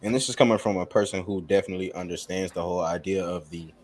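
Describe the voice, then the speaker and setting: A man's voice: sits low, fairly even intonation, fast talker, slight background noise. A man co-hosting a casual podcast, laid back and full of fillers like "you know what I'm saying". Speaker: podcast co-host.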